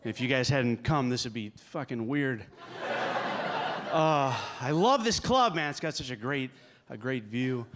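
A man telling dry, deadpan stand-up one-liners on a club stage. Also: medium pitch, measured pace, very noisy. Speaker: stand-up comedian. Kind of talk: stand-up comedy set.

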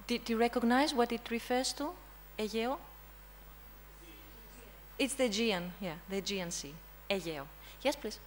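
A woman's voice: on the high side, normal speed, pauses often, low-quality recording. Greek-accented woman, conference presenter, interactive teaching style with frequent "hmm?" check-ins, faint hum. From Greece. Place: conference room.

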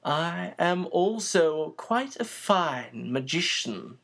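A reader voicing an old male shopkeeper and magician who speaks softly but with authority, in slow, measured, formal sentences. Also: medium pitch, sing-song, creaky, heavily acted. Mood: calm, commanding.

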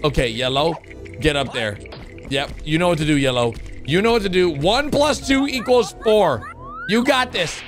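A man's voice: a little high, animated, normal speed, voice pushed down, close to an everyday voice. A man voicing a stern female classroom teacher who scolds and quizzes her pupils. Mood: bossy. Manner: bossy, scolding. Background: background music.

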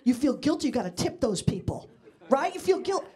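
A middle-aged comedian from Mexico, Mexican-American, does a brash, bawdy stand-up set on a comedy club stage, handheld mic in hand and talking to the audience. Her high voice is very animated and brisk, dark in tone with a breathy edge, and the live crowd is noisy with laughter.

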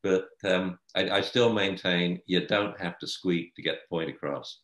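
Low-voiced older man in an echoey room. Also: moderate pace, a bit bright. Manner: chatty, laughs often. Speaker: dog trainer. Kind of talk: casual discussion.

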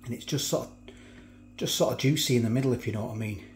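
A man's voice: medium pitch, quick pace, a little mellow, roomy sound, a little hiss or hum. A man chatting casually as he cooks and tastes food in a home kitchen. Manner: chatty, talks while chewing, frequent restarts. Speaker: food reviewer. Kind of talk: casual food review vlog.

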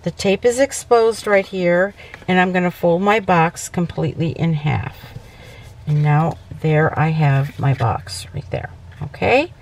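A woman hosts a laid-back papercraft tutorial in a fairly low voice at a measured pace. Chatty and prone to self-correction, she checks in regularly with "okay."

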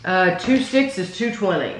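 A man's voice: high voice, expressive, moderate pace. A man reviewing snacks in a casual, chatty taste test, often restarting his words. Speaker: food reviewer. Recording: roomy echo, faint noise.

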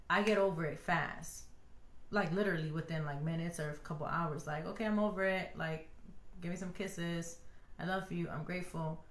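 A woman in her thirties giving casual, heartfelt marriage advice to other wives, animated and preachy, full of "like" and "you know". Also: on the low side, reverberant. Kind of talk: casual heartfelt talk to viewers.

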